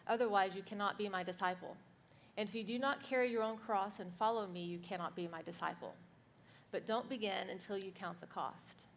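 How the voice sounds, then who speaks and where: Woman co-preaching, reads scripture calm and even, light noise under it. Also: mid-range voice, fairly quick. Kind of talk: sermon.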